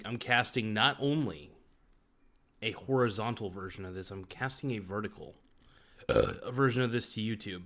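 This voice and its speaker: A man hosting a live stream, chatting casually and reading viewer comments, joking off the cuff and laughing often. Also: on the low side. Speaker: livestream host.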